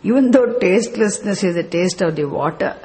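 A man's voice: sits high, expressive, fairly quick, dark tone. Man teaching scripture. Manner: explains step by step with rhetorical questions; chants verses. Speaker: spiritual teacher. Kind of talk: scripture class lecture.

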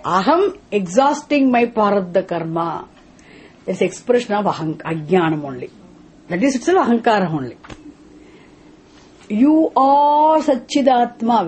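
A woman's voice: on the high side, darkish tone, breathy edge. A woman giving a philosophy lecture as a spiritual teacher, often stopping to quiz her listeners and repeating key terms for emphasis. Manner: quizzes listeners with rhetorical questions.

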